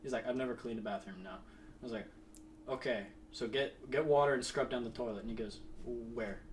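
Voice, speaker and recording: A man's voice: mid-range voice, brisk, slight background noise. A young man chatting casually and telling a story, laughing often and acting out what people said. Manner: animated, laughing often, acts out quotes.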